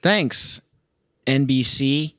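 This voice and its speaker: A man's voice: mid-range voice, drawn-out words, fairly bright tone, smooth, no echo, clean studio sound. A young man hosting a solo sports podcast, ranting with sarcasm, swearing and exasperation while he watches a game at home. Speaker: podcast host. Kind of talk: solo sports reaction rant.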